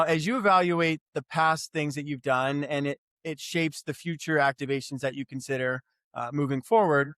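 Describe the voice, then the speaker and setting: A man's voice: fairly high pitch, fairly bright tone, no echo, studio quality. A man hosting an interview, affirming his guests and thinking aloud with restarts. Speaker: podcast host. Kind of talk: conversational interview.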